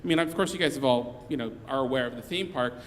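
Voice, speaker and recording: A man telling a comic story live on stage, rambling along with restarts and quick asides. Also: mid-range voice, in a large hall.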